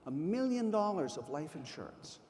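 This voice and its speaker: A man's voice: on the high side, very animated, moderate pace, darkish tone. A man in his sixties giving a motivational keynote at a sales conference, emphatic and full of anecdotes. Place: large conference hall. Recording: long hall reverb.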